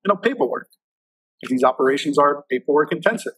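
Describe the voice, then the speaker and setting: Husky man in his fifties telling stories. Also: fairly high pitch, animated, fast, fairly bright tone, no echo, rough recording. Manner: loose, filler-heavy, repeats words. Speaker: federal agent guest. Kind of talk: casual interview storytelling.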